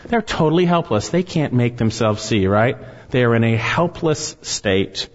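A man's voice: medium pitch, lively intonation, normal speed. A man preaching a sermon as a pastor, reading scripture aloud with rising emphasis. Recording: dull sound with long hall reverb.

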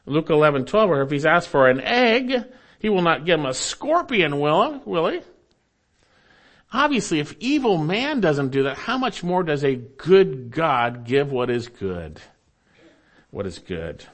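A man's voice: on the high side, big pitch swings, moderate pace, fairly bright tone. Earnest male preacher repeating phrases. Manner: earnest preaching, repeats key phrases, reads scripture aloud. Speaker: pastor. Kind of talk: sermon.

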